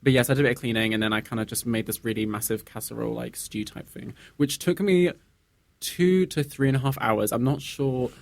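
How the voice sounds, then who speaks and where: A man's voice: mid-range voice, fairly quick, creaky. A young man, the guest, chatting casually on student radio in a rambling way, full of fillers and restarts. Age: young adult.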